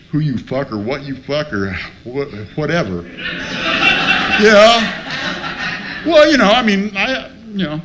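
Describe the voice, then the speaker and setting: A man telling a blunt, profane story at a recovery meeting and acting out both sides of the talk. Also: mid-range voice. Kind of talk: storytelling share with humor.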